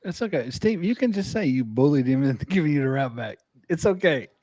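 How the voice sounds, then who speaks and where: Teasing man with a slightly high voice. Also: expressive, fairly quick, dark tone, dry recording. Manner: teasing, laughing, jokey interjections. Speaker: co-host. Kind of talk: casual chat.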